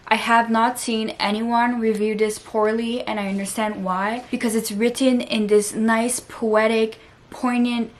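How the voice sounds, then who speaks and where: A woman book vlogger in casual vlog chat, gushing and earnest, with lots of "like" fillers. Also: mid-range voice. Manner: chatty, gushing, peppered with "like"; earnest and openly emotional.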